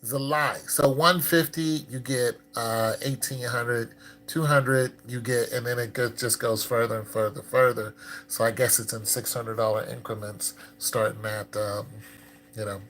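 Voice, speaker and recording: A streamer with a mid-range voice talks a little slowly over slight background noise, casually reacting to scam messages live. He chats loosely with viewers, full of fillers, and gets loud and excited when addressing them.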